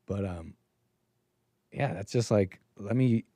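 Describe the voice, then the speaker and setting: A man's voice: fairly low pitch, takes it slowly, warm tone, no echo, studio quality. A man hosting a call-in show, delivering a rambling, stop-start commentary monologue as he thinks aloud and mutters asides.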